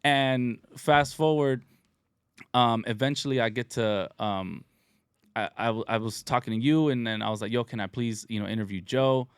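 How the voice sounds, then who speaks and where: A man hosting a podcast, telling a story in a casual, animated way and laughing as he goes. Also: medium pitch, moderate pace, smooth, no echo, studio quality. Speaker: podcast host.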